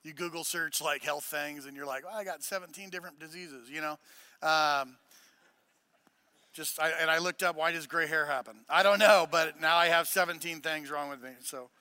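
A male pastor with a high, very bright and forceful voice. He preaches in a loose, joking way and then builds to loud, emphatic points. The sound is dry and close, with little room echo. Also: moderate pace. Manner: casual, joking asides between preaching. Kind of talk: sermon.

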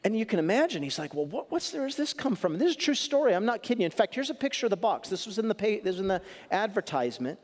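A male pastor preaching a sermon in a church, moving between loud punchy lines and soft, earnest asides as he tells a story. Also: high-pitched, very animated, rapid-fire, few pauses, long reverb tail.

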